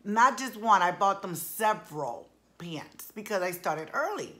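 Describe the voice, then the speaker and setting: A woman's voice: medium pitch, animated, measured pace, pushed and bright. A woman in her forties chatting casually to her viewers, full of slang and calling them y'all. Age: 40s. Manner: colloquial, playful slang. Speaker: vlogger. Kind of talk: casual chat.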